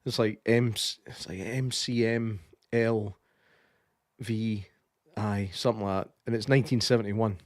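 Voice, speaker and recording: A man's voice: fairly low pitch, steady tone, measured pace, dry recording, studio quality. A Scottish man co-hosting a podcast, chatting casually about a film, who rambles, loses his words and swears in passing. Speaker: podcast co-host. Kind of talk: casual film-review chat.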